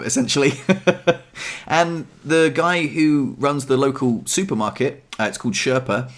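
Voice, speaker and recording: A man's voice: medium pitch, unhurried. A young man chatting casually in a self-deprecating, upbeat vlog about his life at home. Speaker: vlogger. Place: apartment.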